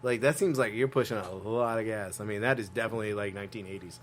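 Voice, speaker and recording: A man's voice: fairly low pitch, quick pace, a little hiss or hum. Rambling, swearing man on a podcast. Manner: rambling, swears often, heavy use of "like". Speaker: podcast co-host, food truck owner. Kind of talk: casual podcast chat.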